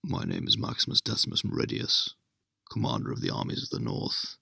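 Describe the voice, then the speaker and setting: A man doing an impression of a vengeful Roman general from a film, in a very low, gravelly, whispery growl. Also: huge pitch swings, fairly quick, pushed and bright, no room sound, exaggerated voice. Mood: grim. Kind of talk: dramatic film-quote impression.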